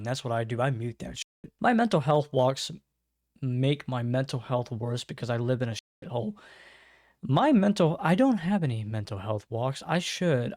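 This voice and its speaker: A man's voice: medium pitch, darkish tone, no echo, clean studio sound. A man casually reacting to memes at his home microphone, swearing freely and chuckling often. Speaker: meme reaction host. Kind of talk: casual meme reaction commentary. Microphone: own desk microphone.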